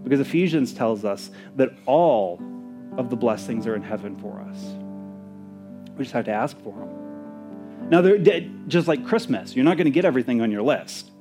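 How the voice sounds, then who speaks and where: A male pastor preaching a sermon, sometimes singing hymn lines, excitable and then softening into prayer. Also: medium pitch, normal speed, music in the background. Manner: exuberant, rising to near-shouts of joy; lapses into soft, intimate prayer.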